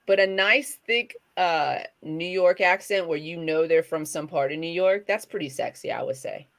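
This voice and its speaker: Middle-aged woman chatting, low-ish voice, rambly, keeps restarting her sentences. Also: moderate pace, a bit bright. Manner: chatty, rambling, self-correcting. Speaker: co-host. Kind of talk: casual chat.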